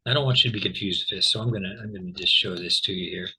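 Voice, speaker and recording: Man, English pronunciation teacher, husky bright voice, chatty, repeats words. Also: low-pitched, racing, low-quality recording. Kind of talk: casual explanatory lesson.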